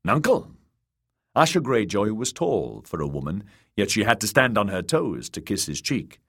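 A man narrating an audiobook with expressive storytelling. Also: on the low side, normal speed. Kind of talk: scripted narration.

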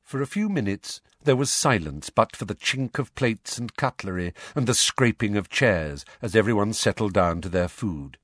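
A man reading an audiobook as narrator, in an expressive storytelling manner. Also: lowish voice, moderate pace, few pauses, dry recording, studio quality. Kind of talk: scripted narration.

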